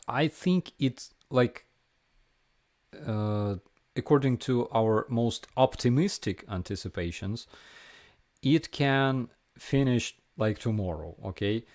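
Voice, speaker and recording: Slow, low-voiced Ukrainian man chatting. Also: darkish tone. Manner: halting, many fillers and restarts, reads chat aloud. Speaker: live stream host answering viewer questions. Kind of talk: casual live Q&A chat.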